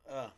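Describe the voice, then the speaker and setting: A man's voice: mid-range voice, husky. A young man hosting a podcast, telling a personal story in casual, slangy, rambling talk full of fillers. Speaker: podcast host.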